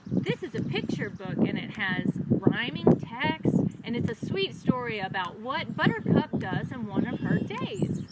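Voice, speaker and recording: A woman who is a children's librarian, leading a storytime and speaking slowly in a sing-song way to small children. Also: high voice, very animated. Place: outdoors on a farm. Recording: distant mic with loud outdoor noise.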